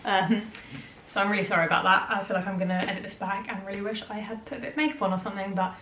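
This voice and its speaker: A woman's voice: mid-range voice, steady tone, rapid-fire, a bit bright. Breathless chatty British young woman. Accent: British English. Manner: chatty, lots of fillers and restarts. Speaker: vlogger. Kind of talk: casual vlog chat. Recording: roomy echo, faint noise.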